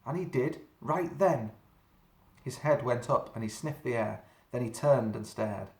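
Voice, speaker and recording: A man reading a children's story aloud, dramatic and slowing down for suspense. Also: medium pitch. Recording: roomy echo.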